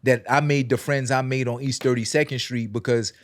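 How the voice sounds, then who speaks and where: A man's voice: mid-range voice, fairly even intonation, brisk, no room sound, clean studio sound. Candid young man on a podcast. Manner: candid, reflective, with slang fillers. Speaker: podcast co-host. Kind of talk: casual chat.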